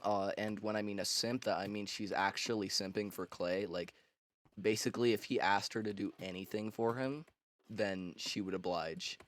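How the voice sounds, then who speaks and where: A man's voice: lowish voice, steady tone, moderate pace, a bit bright. A man casually recapping a story for laughs, rambling and swearing, with lots of fillers and restarts. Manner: rambling, slangy and profane, with frequent fillers and restarts. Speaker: book summarizer.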